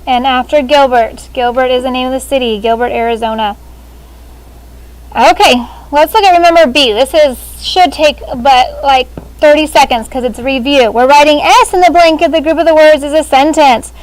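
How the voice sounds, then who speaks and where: A woman teaching sixth grade language in a classroom, speaking through a face shield and calling on students by name in a brisk manner. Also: sits high, rough recording.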